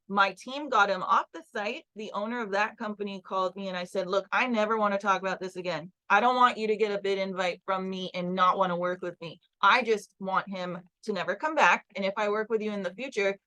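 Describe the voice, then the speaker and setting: Bright-voiced woman telling her story. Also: mid-range voice, fairly even intonation, a little fast, low-quality recording. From Los Angeles. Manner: earnest, recounts events with quoted dialogue. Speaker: construction project manager, guest. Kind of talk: candid storytelling in interview.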